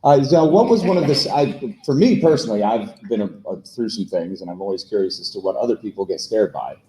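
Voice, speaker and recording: Mellow male panel moderator. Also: lowish voice, lively intonation, fast. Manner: laughs often, upbeat asides. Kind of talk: hosting a live panel. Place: convention panel room. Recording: echoey room.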